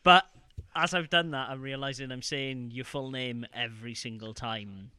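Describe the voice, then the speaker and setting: A man's voice: medium pitch, fairly even intonation, normal speed, sharp tone, clear, resonant tone, no echo, clean studio sound. A man co-hosting a gaming podcast in casual chat, rambling and laughing often as he talks. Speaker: podcast co-host.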